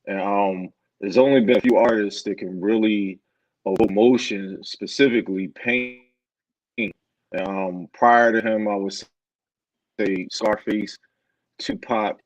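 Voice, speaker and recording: Thoughtful low-voiced man on a dry call. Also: steady tone, takes it slowly, no echo, rough recording. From Philadelphia, US. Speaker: guest. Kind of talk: casual group chat. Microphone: video call.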